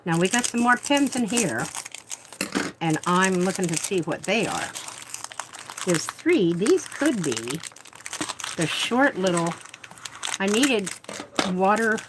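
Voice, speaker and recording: A woman's voice: medium pitch, expressive, slow, long pauses, background noise. A woman vlogging as she unboxes art supplies, chatting and rambling with self-deprecating asides. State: talking with mouth full. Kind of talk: casual unboxing chat.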